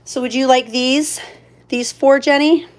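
A woman's voice: high voice, fairly even intonation, a little slow. A woman hosting a casual live shopping stream. She is chatty, thanks each buyer and stops to coo at her pets.

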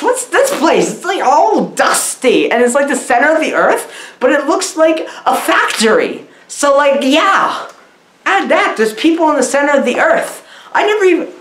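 Woman, comedic reviewer; mock-naive, chatty, high lively voice, roomy echo. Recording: echoey room.

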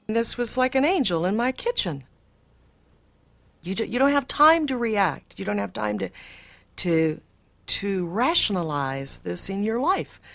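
Gravelly-voiced woman telling an intense story. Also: mid-range voice, very animated, measured pace, a bit bright. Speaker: interviewee. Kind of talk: recounting a personal experience. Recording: archival interview.

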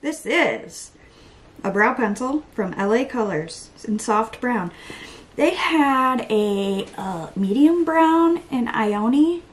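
A woman's voice: a little high, lively intonation, slow, slight background noise, rough recording. A young woman chatting through a makeup tutorial, self-deprecating and talking to herself, now and then dropping to a whisper. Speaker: beauty vlogger. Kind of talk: casual makeup tutorial chat.

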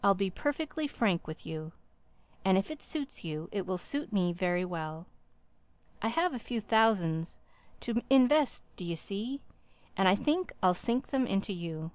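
A woman doing a brisk bustling gentleman. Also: mid-range voice, sing-song, no echo. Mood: brusque. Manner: abrupt, bustling, blunt questions. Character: brisk bustling middle-aged gentleman investor.

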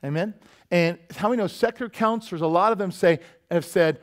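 A middle-aged pastor preaches a sermon in a church sanctuary, his slightly high voice full of lively intonation. He keeps things conversational and jokey, chatting with the congregation and often slipping quickly into little quoted voices.

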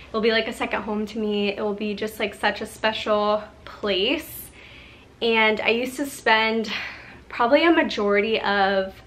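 Tearful young woman vlogging slowly. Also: medium pitch, a bit bright. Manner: halting, tearful, many restarts and ums. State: on the verge of tears. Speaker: lifestyle vlogger. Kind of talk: emotional unscripted vlog talk.

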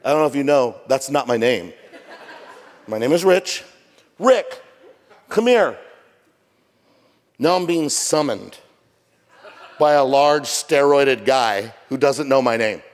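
A man's voice: mid-range voice, a little slow, long reverb tail. A man preaching a sermon, telling a story with humor and acting out other people's lines. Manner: animated, jokey, acts out voices. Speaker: pastor. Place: church sanctuary.

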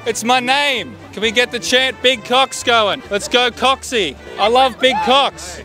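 A man's voice: very high voice, measured pace, sharp tone, full character voice. A man putting on a cocky American footballer. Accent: put-on American. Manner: brash, self-promoting, playful. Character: impression of a tall American footballer, cocky and boastful. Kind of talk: street prank comedy. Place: outdoors at a busy urban football venue. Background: music.

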